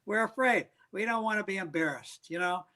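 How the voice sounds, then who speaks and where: An older man with a voice a little higher than most men's, speaking as an interview guest. He talks earnestly and with emphasis, using homely examples to make his points. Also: brisk, a crowd in the background, rough recording. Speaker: guest, business leader. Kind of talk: interview answers.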